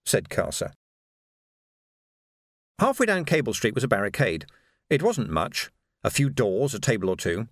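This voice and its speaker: Measured male audiobook narrator, dry sound. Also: medium pitch, no echo. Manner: steady, measured storytelling.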